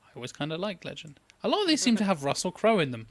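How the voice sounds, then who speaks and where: A man's voice: sits high, huge pitch swings, rapid-fire, fairly bright tone. A man co-hosting a live film discussion, reading out the chat and making blunt, dry asides. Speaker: podcast co-host reading the chat.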